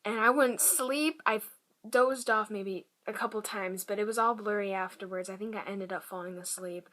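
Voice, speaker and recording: A woman vlogger telling a personal story to camera in a halting, hushed way, often dropping to a whisper. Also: medium pitch. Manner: many fillers and restarts.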